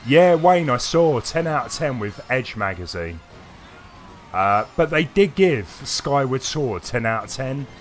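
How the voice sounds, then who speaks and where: A man's voice: medium pitch, sing-song, unhurried. A British man live-streaming a game and chatting with viewers, feeling unwell and coughing now and then. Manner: rambling, chatty, answers chat by name. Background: faint game music.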